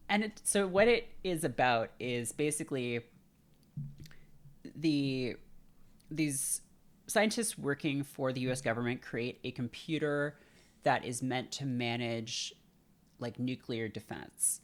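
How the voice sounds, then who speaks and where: A woman's voice: low-pitched, expressive, a little slow. A woman guest on a podcast, chatting casually and retelling film scenes in quoted voices. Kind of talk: casual chat.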